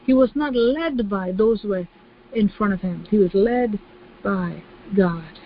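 A woman's voice: mid-range voice, measured pace, dull audio, a little hiss or hum. A woman preaching a sermon with emphasis, repeating key phrases and acting out the voices of the people she quotes.

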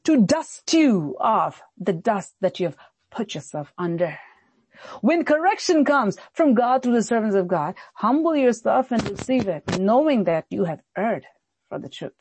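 Woman pastor preaching hard, husky breathy voice, dry close sound, keeps repeating herself. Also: mid-range voice, darkish tone, no echo. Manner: emphatic, repetitive exhortation. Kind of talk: sermon.

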